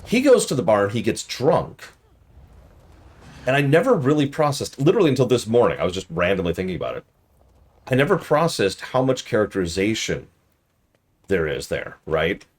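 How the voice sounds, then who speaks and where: A man with a very low, husky voice does casual live-stream commentary on a game he is reviewing. His pitch moves around a lot as he rants at the game and talks to his chat. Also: big pitch swings, brisk, long pauses.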